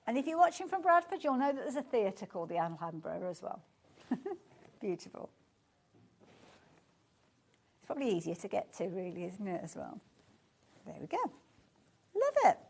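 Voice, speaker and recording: A woman presenting a live shopping show, chatting warmly about the items and reacting to viewer comments with gushing enthusiasm. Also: medium pitch, very animated, a little fast, husky.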